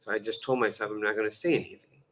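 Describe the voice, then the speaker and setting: A man voicing a wife who quietly explains why she stayed silent. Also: lowish voice, steady tone, racing, lightly acted. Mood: resigned. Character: hurt, quiet wife, resigned.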